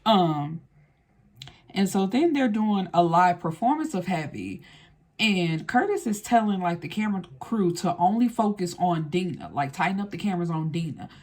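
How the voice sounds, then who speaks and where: A woman's voice: on the low side, animated, moderate pace, a little mellow. A woman recapping a film in a casual, blunt and slangy way, swearing freely as she retells the story. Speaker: film reviewer.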